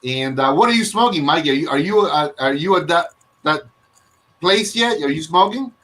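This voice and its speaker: A man's voice: a little high, animated, normal speed, fairly bright tone. A man hosting a casual live video-call chat, rambling with frequent fillers and restarts. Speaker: host.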